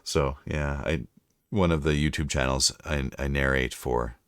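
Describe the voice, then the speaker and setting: A man's voice: extremely low pitch, steady tone, unhurried, fairly bright tone, smooth, dry recording, clean studio sound. A Canadian man chatting casually on a live stream, rambling and chatty, now and then slipping into French. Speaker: livestreamer and voice-over narrator.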